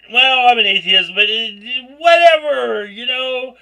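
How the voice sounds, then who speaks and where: High-voiced man ranting excitedly. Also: measured pace, creaky, few pauses. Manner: excitable, rambling, bursts into shouts and laughter. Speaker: vlogger. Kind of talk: casual vlog rant.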